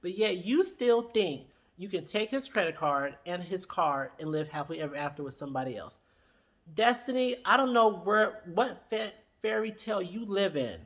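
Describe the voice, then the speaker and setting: A sassy commentator reviews a reality show in a casual, talky way. The voice sits at a middle pitch and keeps calling out the people on screen by name. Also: a bit bright. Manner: sassy, talks straight to the show's people.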